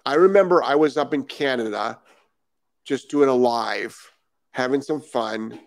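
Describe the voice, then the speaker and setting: A man from Rhode Island hosting a live stream about dog training, answering viewer comments as they come in. He talks emphatically, repeats his key points and leans on rhetorical questions. His voice sits at an ordinary pitch for a man, and the sound is dry and close. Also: unhurried, creaky, dry recording.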